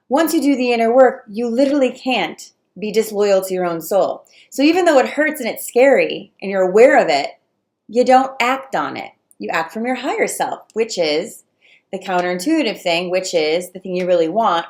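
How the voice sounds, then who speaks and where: A woman coaching viewers on relationships in a casual talk, animated and acting out the voices of clients and fears. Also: medium pitch. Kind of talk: casual direct-to-camera advice talk.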